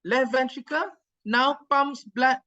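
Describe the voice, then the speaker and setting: A woman's voice: sits high, slow, sharp tone. A woman lecturer with a Malaysian English accent giving a medical lecture, code-switching, repeating phrases and checking that students follow.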